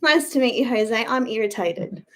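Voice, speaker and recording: High-voiced woman ranting on a live stream. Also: moderate pace. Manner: irritated, blunt, swears freely, greets chat viewers by name. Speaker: YouTube livestream host. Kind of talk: casual live-stream rant.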